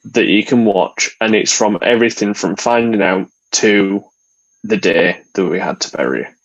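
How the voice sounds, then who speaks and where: A man's voice: on the low side, normal speed, highs cut off. A father, a guest on a podcast, talking earnestly and plainly in casual conversation. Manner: earnest, plain-spoken, laughs lightly.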